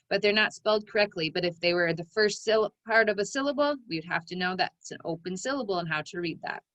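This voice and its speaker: A woman teaching a phonics lesson to young children, sounding out each word part slowly and clearly. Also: a little high, bright, forceful tone, dry recording, low-quality recording.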